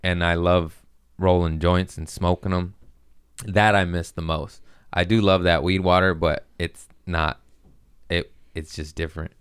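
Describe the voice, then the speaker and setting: Man, podcast host, very deep voice, smooth and resonant, casual profane joking. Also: little pitch movement, a little slow, dry recording, clean studio sound. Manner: loose, profane, jokey storytelling. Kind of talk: casual chat.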